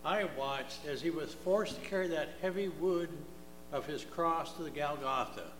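A man's voice: a little high, normal speed, reverberant, in a large hall, slight background noise, close to an everyday voice, rough recording. A man as a humble regretful disciple. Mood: sorrowful. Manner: earnest, regretful. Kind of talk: church drama acting.

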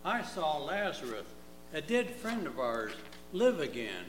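A man's voice: on the high side, big pitch swings, unhurried, a little hiss or hum. A man playing a humble, regretful male disciple in a church drama, speaking earnestly in an echoey hall. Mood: sorrowful.

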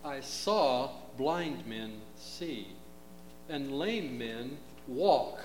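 A man's voice: medium pitch, lively intonation, extremely slow, a little hiss or hum. A man playing a grieving male disciple in a church drama, speaking with earnest sorrow in a roomy hall.

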